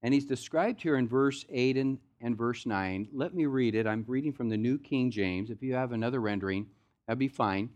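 A man's voice: mid-range voice, moderate pace, a little mellow, dull audio. A man preaching a sermon as pastor, in a loose, conversational storytelling way. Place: church sanctuary.

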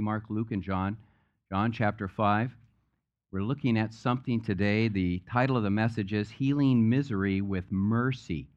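A pastor delivers his sermon in a church sanctuary, talking conversationally and telling jokes along the way. He has a fairly low-pitched voice, and the recording is lo-fi.

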